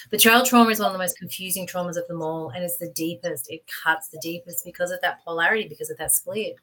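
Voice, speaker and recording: A woman's voice: fairly low pitch, fairly bright tone, slight background noise, low-quality recording. A woman guest, a therapist and coach, speaking in a supportive, affirming way. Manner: affirming, many "mm" and "yeah". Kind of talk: supportive conversation.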